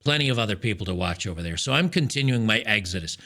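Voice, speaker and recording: Bright-voiced man ranting on his channel. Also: fairly low pitch, lively intonation, quick pace, gravelly. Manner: frustrated, ranting, many restarts. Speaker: podcast host. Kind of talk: casual solo commentary.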